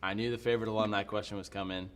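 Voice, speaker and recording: A man's voice: lowish voice, racing, clear, resonant tone. A young adult man, a youth pastor, laughing and joking through a casual hot-wing question game. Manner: laughs often, animated and joking.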